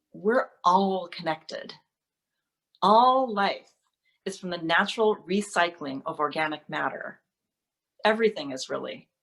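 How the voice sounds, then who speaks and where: A woman's voice: on the low side, creaky, a bit bright. Wry woman performing a monologue. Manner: wry, playful storytelling with mock outrage. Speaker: solo performer.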